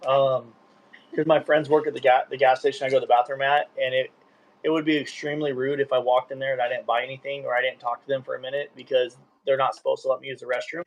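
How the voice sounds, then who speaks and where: A man who is a live streamer, rambling in a casual interview and getting animated when excited. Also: medium pitch, fast.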